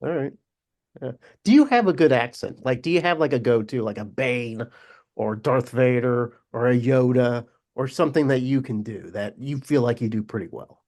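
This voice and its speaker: A man co-hosting a casual sports podcast, chatty and quick to laugh, often restarting his sentences. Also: mid-range voice, a little mellow. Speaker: podcast co-host.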